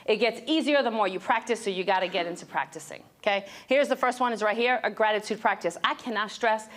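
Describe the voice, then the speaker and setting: A woman giving a motivational speech to students at a breakfast event, telling her story in an animated way and acting out the people in it, speaking into a handheld mic. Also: medium pitch, quick pace. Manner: animated storyteller, acts out quoted voices.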